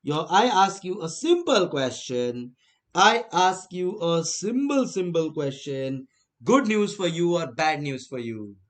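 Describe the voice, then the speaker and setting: A man's voice: a little high, very animated, slow pace. A man with an Indian accent giving a classroom lecture on finance, quizzing the class and repeating key phrases. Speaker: finance teacher.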